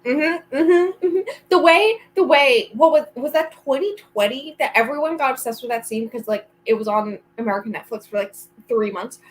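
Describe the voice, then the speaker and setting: A chatty woman with a slightly high voice, talking casually as she hosts a reading sprint. She rambles from thought to thought and breaks into giggles often. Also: brisk, few pauses, low-quality recording. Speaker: vlogger hosting reading sprints. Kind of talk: casual chat to a friend.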